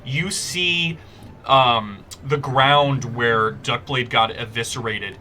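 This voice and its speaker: A man's voice: mid-range voice, slow, pushed and bright, slight background noise. A man narrating as game master for a tabletop game, describing scenes with frequent fillers.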